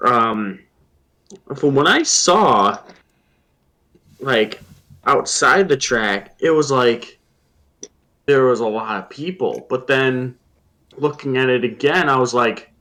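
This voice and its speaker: Man, mid-pitched voice, casual podcast guest, rambling storyteller, quotes himself. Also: slow, pauses often. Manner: relaxed storytelling with fillers and quoted asides.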